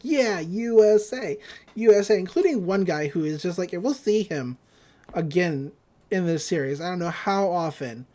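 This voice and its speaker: A podcast host recapping a cartoon episode in loose, casual chat. The delivery rambles with fillers and quick character impressions, at a middling pitch and an everyday pace. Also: a little mellow. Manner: rambling, amused, lots of fillers and quoted voices.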